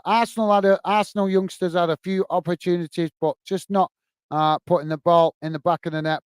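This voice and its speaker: Commentating live on a match for his football livestream, this British man talks with viewers, leans heavily on fillers, and calls everyone "mate." His voice is high-pitched, smooth, and darkish, recorded with no room sound.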